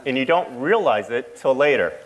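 A middle-aged man sharing an emotional personal testimony as a father, speaking haltingly with frequent restarts. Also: medium pitch, expressive, poor audio. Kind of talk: personal testimony to a church audience.

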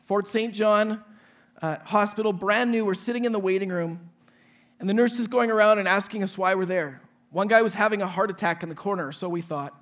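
A man in his forties, a pastor, telling a lively personal story in a sermon and acting out the dialogue. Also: high voice, fairly quick. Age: 40s.

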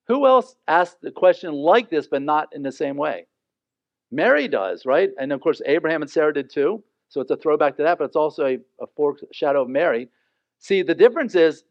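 Animated man preaching a sermon. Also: fairly high pitch, brisk, dry recording. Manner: animated, joking, acts out the characters. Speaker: pastor. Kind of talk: sermon, verse-by-verse Bible teaching. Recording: dull, dry recording.

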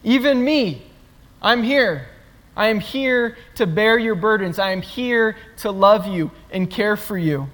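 Pastor delivering a sermon, earnest and emphatic, mid-pitched voice ringing with long hall reverb. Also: expressive, slow pace, fairly bright tone. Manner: earnest, repetitive emphatic phrasing.

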